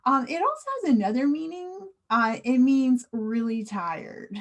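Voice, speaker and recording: An American woman teaching English slang in an online class. She speaks clearly and asks the viewer questions. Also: sits high, very animated, a little slow.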